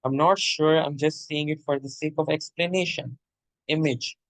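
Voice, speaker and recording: A man's voice: fairly high pitch, fairly even intonation, moderate pace, a bit bright, no echo, low-quality recording. A male literature teacher giving an explanatory lecture, repeating points and checking in with "okay?" and "my dear.". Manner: addresses listener as "my dear".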